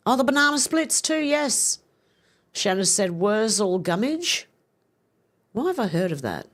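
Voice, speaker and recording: A woman's voice: medium pitch, big pitch swings, measured pace. A middle-aged woman hosting a livestream, chatting casually, giggling as she reads viewers' comments aloud. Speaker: livestream host.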